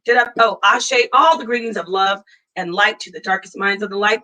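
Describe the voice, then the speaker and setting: A woman's voice: mid-range voice, a little fast, low-quality recording. A woman from Phoenix, Arizona hosting a casual online talk stream over a video call, playful and laughing. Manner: playful, laughing, warm greetings. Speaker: host.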